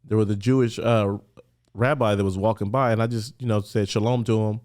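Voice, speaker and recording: A man's voice: fairly low pitch, brisk. A man from Los Angeles, a podcast guest, telling his story conversationally with lots of "like" fillers and acted-out voices for the people he quotes. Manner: animated, acts out quoted voices, many "like" fillers.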